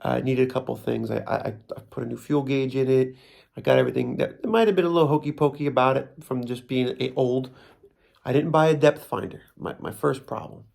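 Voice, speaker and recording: Brief: gravelly New Jersey guy, rambling comic storyteller who makes fun of himself. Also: medium pitch, brisk, darkish tone. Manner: rambling, self-mocking, frequent restarts and laughs.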